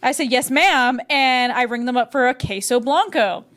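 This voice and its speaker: A young woman co-hosting a podcast in casual chat, telling lively stories and acting out customers. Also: high-pitched, moderate pace. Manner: animated storytelling, acts out customers, frequent laughs. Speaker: podcast co-host. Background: restaurant cashier.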